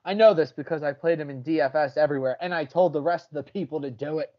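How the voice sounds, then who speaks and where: A man's voice: a little high, quick pace, muffled recording. A man hosting a sports betting podcast in casual, brash chat, swearing freely as he talks picks.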